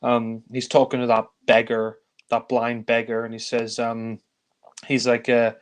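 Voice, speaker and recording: A man chats through a film review in a loose, rambling way. He leans on fillers and laughs under his breath as he goes. His voice sits at an ordinary middle pitch. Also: monotone, unhurried. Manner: rambling, full of fillers and chuckles. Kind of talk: casual film review chat.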